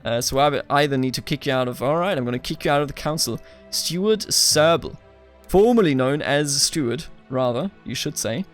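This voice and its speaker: A man's voice: medium pitch, a little fast, hardly any pauses, faint music behind. A young man giving casual, playful gameplay commentary as the host, chatting back at the characters on screen. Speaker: let's play host.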